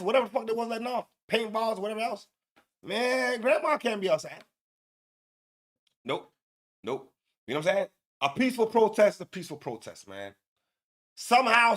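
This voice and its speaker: A man's voice: high-pitched, bright, forceful tone. A man from Canada hosting a morning talk show, reacting to clips in loose, profane, laughing commentary. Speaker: show host. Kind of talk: casual commentary.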